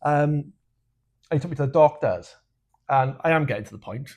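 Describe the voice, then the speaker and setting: A Welsh man co-hosting a podcast, telling a personal story in a frank, casual way, swearing freely and laughing at his own dark humour. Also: medium pitch, expressive, a little fast. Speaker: podcast co-host.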